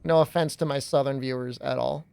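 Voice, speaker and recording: A man's voice: medium pitch, steady tone, fairly quick, vocal fry, mellow, a little hiss or hum. A man from New England chatting casually as a game streamer, rambling with lots of filler words and frequent chuckles. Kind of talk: casual chat while gaming.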